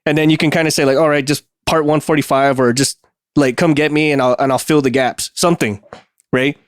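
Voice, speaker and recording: A man's voice: on the high side, steady tone, dry recording. Agreeable man, dry close sound. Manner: agreeable, chimes in with quick "right"s, then reflects at length. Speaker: podcast co-host. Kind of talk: casual conversation.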